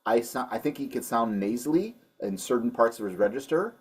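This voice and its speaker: A man's voice: medium pitch, animated, fairly quick, slightly rough. A man co-hosting a metal music show, chatting casually and hedging with many restarts as he reviews a song.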